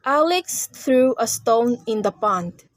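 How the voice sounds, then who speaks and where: A woman's voice: fairly high pitch, expressive, takes it slowly, dry recording. A young woman, presenting a class report on grammar in short read phrases. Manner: reads explanations in short phrases, with small restarts. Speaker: student presenter.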